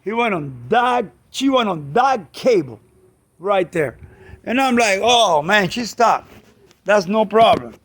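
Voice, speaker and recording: A man casually telling a story, animated, acting out friends' voices and bird sounds. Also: sits high, slow, slightly rough. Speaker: pigeon fancier, channel host.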